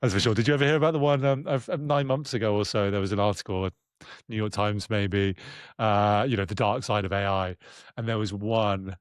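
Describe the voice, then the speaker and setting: A man's voice: fairly low pitch, steady tone, a little fast, clean tone, no room sound, clean studio sound. A man hosting a podcast in casual conversation, rambling with fillers and restarts. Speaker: podcast host.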